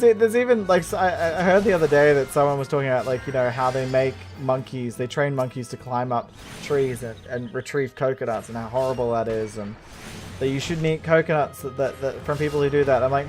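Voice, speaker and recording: A man doing a casual let's-play commentary, rambling and giggling, mocking himself as he plays, with game music behind. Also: mid-range voice. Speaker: gaming channel host.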